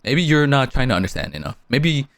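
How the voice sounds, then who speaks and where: A young man co-hosting a podcast in casual chat, animated and swearing freely. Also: medium pitch, brisk, crowd noise. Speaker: podcast co-host.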